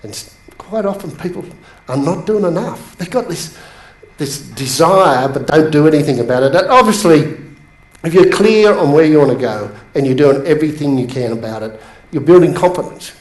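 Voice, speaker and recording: A man coaching a seated audience in a motivational bootcamp talk, telling stories with sudden rises in pitch for emphasis. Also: moderate pace. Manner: animated storytelling, pitch jumps up for emphasis. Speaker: business coach. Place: training room with a live audience. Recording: echoey room.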